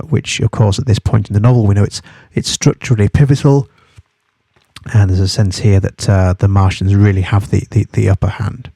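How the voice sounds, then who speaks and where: A man teaching as he explains a novel for a study guide, halting and thorough, spelling terms out. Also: lowish voice, vocal fry, mellow, slightly rough, no echo, studio quality.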